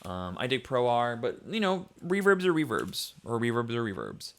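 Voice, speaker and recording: A man giving a casual livestream tutorial on mixing, explaining in a loose, conversational way while demonstrating sounds at his computer in a home studio, often pausing with ums as he thinks aloud. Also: mid-range voice, wildly swooping pitch, a bit bright. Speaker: music producer teaching mixing.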